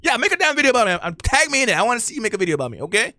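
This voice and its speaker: Blunt, animated male reaction host. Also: very high-pitched, racing, dry recording. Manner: blunt, opinionated ranting. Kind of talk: casual reaction commentary.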